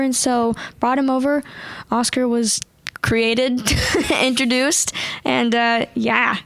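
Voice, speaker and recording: A young woman, a ventriloquist guest, chatting in an interview, bubbly and quick to laugh as she tells stories. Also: on the high side, level tone, gravelly, a bit bright. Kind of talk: casual interview chat.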